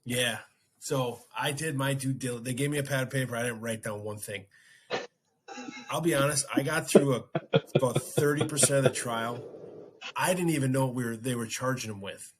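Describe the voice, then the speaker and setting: A man's voice: medium pitch, moderate pace, a little hiss or hum. A man hosting a podcast, casually telling a story and acting out his own reactions. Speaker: podcast host.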